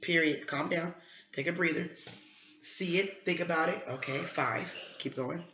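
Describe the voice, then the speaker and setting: Encouraging homeschool parent, bright voice. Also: mid-range voice, a little hiss or hum. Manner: encouraging, repeats phrases, quick praise. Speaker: homeschooling parent teaching a young child. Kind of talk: coaching a child through word problems. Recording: echoey room, slightly dull sound.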